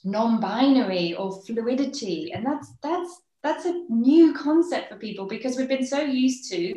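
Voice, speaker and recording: A woman's voice: a little high, animated, dark tone. English woman with a roomy echo. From England. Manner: reflective, explains in quick bursts. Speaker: podcast co-host. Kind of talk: casual podcast chat.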